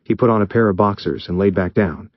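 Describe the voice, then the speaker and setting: A man reading fan fiction aloud in steady, even narration. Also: lowish voice, quick pace, dry recording, dull audio. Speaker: story reader.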